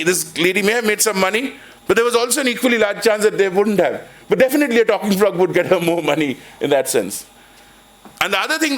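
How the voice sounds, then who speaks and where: A man with an Indian English accent giving a university lecture on finance, rambling with frequent restarts and telling anecdotes. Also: high voice. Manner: rambling, many restarts and "kind of", jokey storytelling. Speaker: finance professor. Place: lecture hall.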